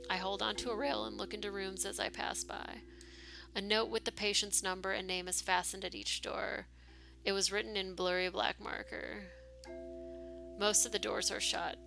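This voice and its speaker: A woman's voice: medium pitch, creaky. A woman streamer reading a story game aloud, slipping into casual asides with fillers.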